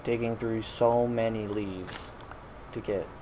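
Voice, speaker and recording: A man's voice: lowish voice, fairly even intonation, slow pace, noisy background. A man streaming a video game, rambling in casual commentary with frequent self-corrections and mild exasperation. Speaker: gaming streamer.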